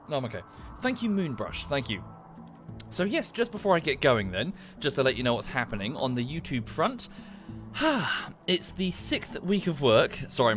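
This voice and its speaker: A man's voice: mid-range voice, fairly bright tone. A man chatting casually to viewers during a livestream, rambling and thanking them as he goes.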